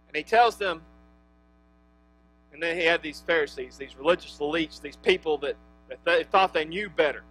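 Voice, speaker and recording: Male pastor, high and sharp-toned, impassioned sermon delivery that drops to a hush then surges, faint music behind. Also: normal speed, long pauses, low-quality recording. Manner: impassioned, swings from hushed to emphatic; restarts phrases with frequent fillers.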